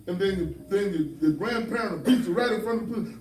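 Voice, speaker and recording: A man's voice: high voice, fast talker, few pauses, darkish tone. An older man, a pastor, preaching a folksy sermon full of humorous stories and stern warnings. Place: church. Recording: roomy church sound from far off.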